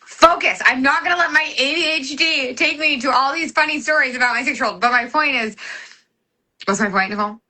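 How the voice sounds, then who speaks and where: A woman's voice: sits high, fairly quick. A woman host from the American South, chatting casually and animatedly on a live stream, wandering into tangents. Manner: animated, tangents, talks about focus. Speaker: podcast host.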